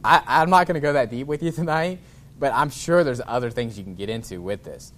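A man preaching a sermon in a relaxed, informal way, chuckling often and breaking off to restart his sentences. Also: mid-range voice. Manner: reads scripture in a slower, formal cadence. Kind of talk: sermon with scripture reading.

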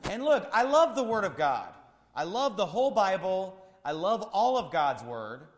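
A male pastor preaching an impassioned sermon, swinging between loud shouts and quiet, low asides. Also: big pitch swings, normal speed. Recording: long hall reverb.

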